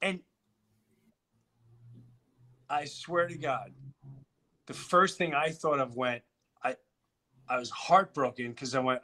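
Animated storytelling man, bright voice. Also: medium pitch, measured pace, pauses often. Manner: animated, swearing, acts out quotes. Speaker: guest. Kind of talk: casual storytelling chat.

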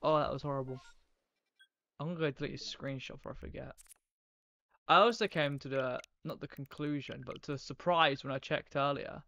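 A man's voice: medium pitch, a little fast, sharp tone, highs cut off. A man live-streaming a game, chatting in a rambling, casual way to his viewers as he plays. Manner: rambling, chatty, talks to viewers while playing.

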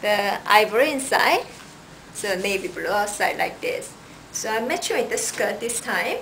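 A woman's voice: medium pitch, lively intonation, fairly bright tone, slight background noise. A woman presenting clothes as a stylist, showing each piece and repeating "like this". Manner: unhurried, shows each item with "like this". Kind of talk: product styling demo. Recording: roomy sound from a distance.

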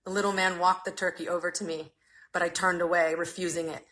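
A woman's voice: fairly low pitch, flat delivery, a little fast, fairly bright tone, poor audio. A woman in her thirties reading a humorous memoir aloud on a phone livestream, with a wry, dry comic delivery. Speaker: reader. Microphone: phone mic.

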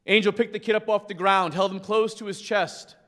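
A priest preaching with passion and telling a dramatic story, acting out its voices. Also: male voice, sits high, fairly even intonation, a little fast. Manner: impassioned storyteller who acts out the shouting in his story. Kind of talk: preaching a rally speech with a story. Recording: long hall reverb.

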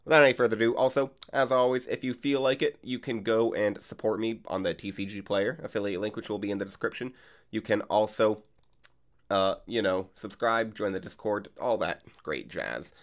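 A man's voice: on the low side, moderate pace. A man hosting a card game channel, chatting casually and rambling with lots of fillers. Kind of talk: casual gameplay vlog and commentary. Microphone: desk mic while recording gameplay.

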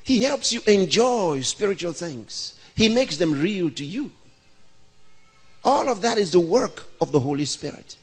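A man's voice: sits high, very animated, unhurried, breathy edge. A man in his sixties, a pastor, preaching a sermon by asking questions and answering them himself. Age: 60s. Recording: long reverb of a large hall.

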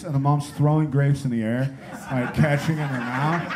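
A male stand-up comedian on a club stage, telling a story with incredulous energy and quick acted-out asides. His voice sits at an ordinary middle pitch, with a faint hum of room noise behind him. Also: a little mellow.

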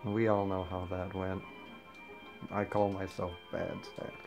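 A man's voice: low-pitched, completely flat delivery, measured pace, rough recording. A man giving goofy, joking let's-play commentary and talking to the characters on screen. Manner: goofy, jokey, talks to the game characters. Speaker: gameplay commentator. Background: game music.

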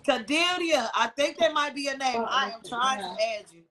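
High bright-voiced woman hosting a livestream. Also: normal speed. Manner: chatty and loose, drops slang. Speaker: livestream host. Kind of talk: casual live video chat.

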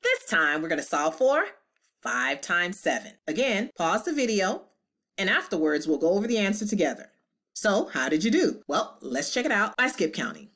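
A woman teacher leading a children's math lesson with a low but bright voice. Her pitch swings widely as she counts along in a sing-song, encouraging way. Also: sing-song, normal speed.

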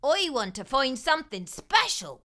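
A woman voicing an eager young man from a storybook, earnest and excitable. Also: sits high, unhurried, voice pushed up, exaggerated voice. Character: eager young male Irish finder.

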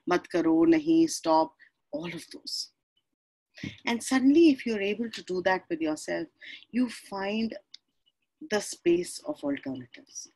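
A woman in her forties with an Indian accent, giving a motivational talk on a video call. She mixes Hindi into her English, stretches key words slowly and often asks "right?". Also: mid-range voice, darkish tone, poor audio. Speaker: speaker on mindset.

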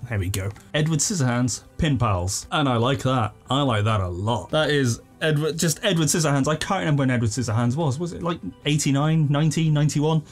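A young man hosting an unboxing video at home, chatting with excited enthusiasm and laughing now and then. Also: a little high, brisk, few pauses, faint music behind. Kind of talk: casual unboxing commentary. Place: living room at home.

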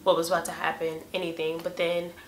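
A woman in her twenties telling a personal story in a casual storytime vlog, acting out texts and replies with lively emphasis. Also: on the low side, fast talker, reverberant, background noise. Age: 20s. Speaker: vlogger. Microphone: camera mic.

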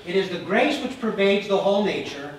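A man's voice: high-pitched, lively intonation, brisk, slight background noise. A male pastor preaching a conversational sermon who often asks the congregation questions, recorded in a church sanctuary. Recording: echoey church hall miked from far off.

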